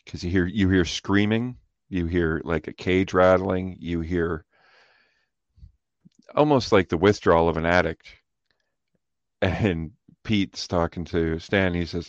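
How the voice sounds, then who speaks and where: A man's voice: low-pitched, fairly even intonation, slow pace, pauses often, dry recording, highs cut off. A man co-hosting a casual film-discussion podcast, talking emphatically and piling up descriptive words.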